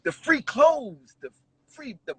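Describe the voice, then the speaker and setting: Here a very high-pitched male rapper talks at a slow pace, telling stories in a casual interview while swearing and laughing in an animated way. The audio is poor, with no room sound at all.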